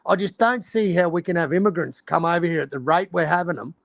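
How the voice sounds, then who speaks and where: Brief: Australian man, high and gravelly voice, ranting and swearing. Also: fast talker, no echo. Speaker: stream host. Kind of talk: casual chat.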